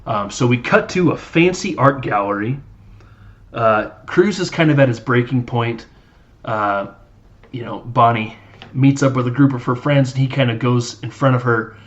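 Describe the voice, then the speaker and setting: A man's voice: mid-range voice, moderate pace, lo-fi sound. A man hosting a podcast, casually recapping a film in a loose, chatty way with lots of fillers. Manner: loose and chatty, many fillers, laughs while acting out scenes. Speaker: podcast host.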